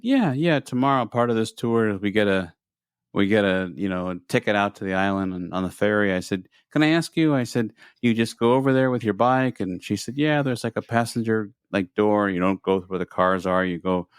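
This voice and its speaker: Low-voiced man telling an animated story. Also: clean tone, no echo, clean studio sound. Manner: animated storyteller, acts out quotes in raised voices. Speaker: podcast co-host. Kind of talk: casual storytelling chat.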